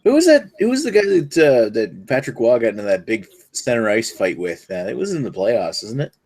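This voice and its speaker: A man's voice: mid-range voice, big pitch swings, brisk, a little mellow, breathy edge. A man co-hosting a podcast, chatting eagerly and asking questions. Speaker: podcast co-host. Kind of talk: casual chat.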